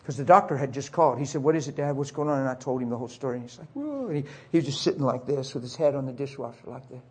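A middle-aged man preaching a sermon as a story, acting out the voices and swinging from soft whispers to high cries. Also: fairly even intonation, very fast, slightly rough.

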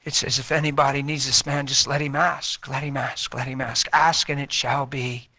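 A man's voice: mid-range voice, normal speed. A man preaching a sermon, telling a story and acting out the dialogue, with folksy, colloquial talk. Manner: animated, acts out quoted dialogue in a raised voice. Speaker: traveling preacher. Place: church.

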